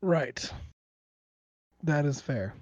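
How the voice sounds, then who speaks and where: A man's voice: a little high, animated, drawn-out words, no room sound. A man chatting casually as a podcast co-host, often laughing and agreeing in short replies. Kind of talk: casual chat. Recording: dry, dull lo-fi sound.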